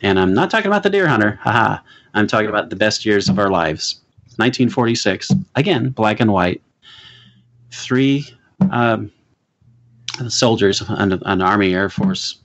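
A middle-aged man with a lowish, fairly bright voice and lively intonation co-hosts a podcast at normal speed. He discusses old films casually and earnestly, laughing easily.

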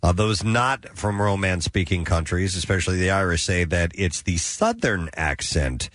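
Low-voiced radio morning show man. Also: normal speed, no room sound, studio quality. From Midwest. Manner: relaxed, chatty with hesitations. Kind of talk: casual radio banter and live ads. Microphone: studio microphone.

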